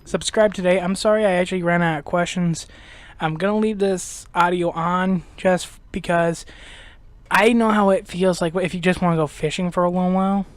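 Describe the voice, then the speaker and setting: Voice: mid-range voice, steady tone, normal speed, no echo. Rambling gaming host with a slight lisp. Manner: rambling, hesitant talk with many restarts. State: dry mouth. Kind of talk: casual gameplay commentary.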